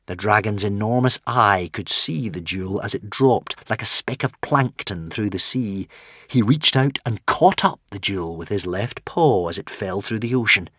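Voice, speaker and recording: A man narrating a fantasy audiobook in an expressive, dramatic way. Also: on the low side, normal speed, no echo, clean studio sound. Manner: dramatic, varied delivery.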